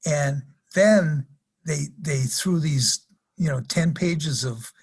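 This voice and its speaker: A man's voice: fairly high pitch, slow pace, breathy edge. An older man, a podcast guest, telling rambling anecdotes in a casual interview and chuckling at his own stories. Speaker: podcast guest, retired wrestler.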